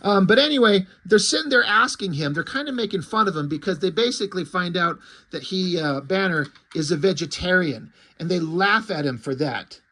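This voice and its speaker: A man gives a casual, rambling comic book review, walking through each page. His voice sits fairly high. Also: lively intonation, normal speed, hardly any pauses, sharp tone. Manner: rambling, with frequent ums and restarts.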